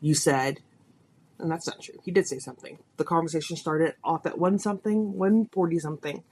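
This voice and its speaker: A woman's voice: low-pitched, brisk, a little mellow, a little hiss or hum. A woman hosting a podcast, telling a personal story in a confessional, emotional way, her voice rising and falling with feeling. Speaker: podcast host.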